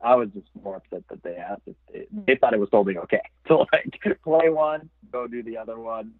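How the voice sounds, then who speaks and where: Low-voiced host on a tinny, dry line. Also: male voice, brisk, dry recording. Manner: relaxed, laughs along. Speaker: podcast host. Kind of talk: casual chat. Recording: dry, tinny phone-like sound.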